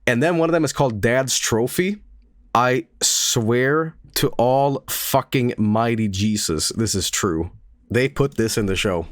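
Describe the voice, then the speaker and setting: A man's voice: mid-range voice, measured pace, dry recording. A young man streaming a game and chatting casually, telling rambling stories with stammers and swearing. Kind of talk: casual livestream chat while gaming.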